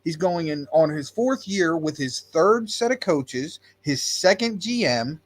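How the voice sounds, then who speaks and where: Husky man in emphatic sports talk. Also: on the high side, expressive, unhurried. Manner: emphatic, repeats words when pressing a point. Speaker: podcast co-host. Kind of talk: casual sports chat.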